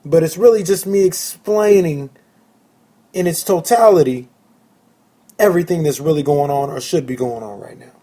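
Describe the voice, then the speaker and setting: A man hosting his own sports podcast alone, talking excitedly and emphatically and repeating phrases for effect. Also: a little high, normal speed, long pauses. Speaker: podcast host. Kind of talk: solo sports fan podcast.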